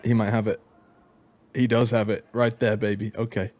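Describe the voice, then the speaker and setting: Excitable man doing gameplay commentary. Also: lowish voice, moderate pace, slight background noise. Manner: excitable, exclaiming and joking. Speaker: gaming YouTuber.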